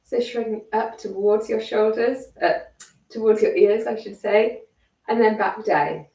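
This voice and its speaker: A woman leading a guided neck and shoulder stretching class in a calm, encouraging way, with a croaky voice. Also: medium pitch, a little slow. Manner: calm, encouraging step-by-step cueing. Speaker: fitness instructor. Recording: echoey room, mic at a distance.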